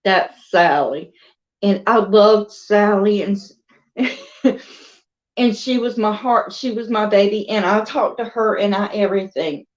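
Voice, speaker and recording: A crochet and doll vlogger from the American South tells a rambling, chatty story in a casual vlog, laughing between thoughts. She speaks slowly in a mid-range voice with a Southern US accent, and the sound is lo-fi.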